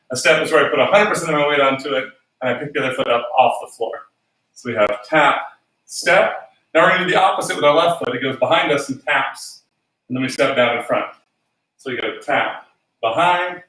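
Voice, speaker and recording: A man's voice: a little high, bright, forceful tone, recorded from a distance. A man teaching a solo swing dance class, talking through steps and counting beats aloud in rhythm. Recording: echoey room, voice from off-mic.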